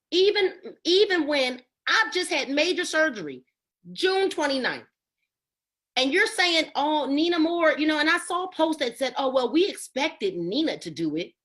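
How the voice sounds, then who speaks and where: A woman's voice: high voice, pushed and bright. A woman leading a motivational sales training on a video call, emphatic, keeps asking "right?" and calls on listeners by name.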